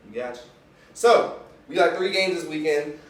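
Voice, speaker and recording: A man's voice: on the high side, normal speed. Hyped young man in an echoey room. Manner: hyped, slangy and joking. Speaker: sports picks host. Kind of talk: casual sports talk. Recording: echoey room, mic far off.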